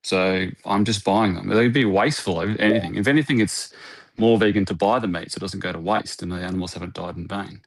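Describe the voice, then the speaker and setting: Low-ish quick guy on a call, joking arguments, dry sound. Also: vocal fry, no echo, poor audio. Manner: mock-arguing, tongue-in-cheek. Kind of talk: casual group chat on a voice call.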